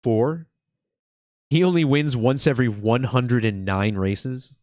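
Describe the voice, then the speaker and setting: A man's voice: medium pitch, no echo, studio quality. A man hosting his own channel, talking casually and unhurriedly with lots of ums while congested from a cold. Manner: relaxed, slow and chill, with many fillers. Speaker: channel host. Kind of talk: casual video commentary.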